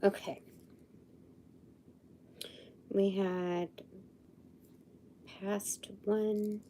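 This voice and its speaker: Woman host for a live intuitive session: unhurried, hesitant, muses aloud, slips into soft murmurs. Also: medium pitch, little pitch movement, a little hiss or hum. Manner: musing, hesitant, thinking aloud with fillers. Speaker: livestream host.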